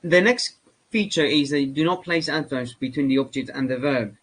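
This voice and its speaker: A man whose first language is Spanish, lecturing on English grammar as a teacher, halting with many fillers and restarts. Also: fairly high pitch, a bit bright, slightly rough, rough recording.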